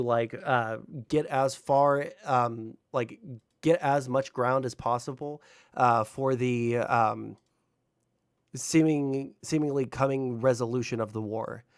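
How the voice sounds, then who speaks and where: A man's voice: mid-range voice, steady tone, slow, clear, resonant tone, no echo, clean studio sound. Casual swearing male livestreamer. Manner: rambling, filler-heavy, swears freely; talks to chat, unfiltered. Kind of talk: casual livestream chat with viewers.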